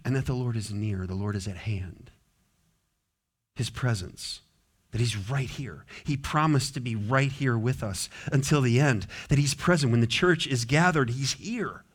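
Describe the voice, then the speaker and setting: A man's voice: mid-range voice, measured pace, slightly rough. A man preaching a sermon as pastor, conversational, often acting out quotes and little scenes.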